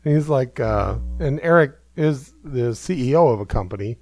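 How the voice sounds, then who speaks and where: Rambling, gravelly male host, animated storyteller, dry close mic. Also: mid-range voice, normal speed, dry recording. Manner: rambling, self-amused, many fillers. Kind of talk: casual storytelling.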